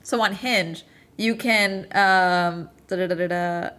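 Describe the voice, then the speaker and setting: A woman's voice: on the low side, slow pace, fairly bright tone. A woman streamer ranting in casual chat, emphatic and full of swearing. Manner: profane, emphatic, exasperated.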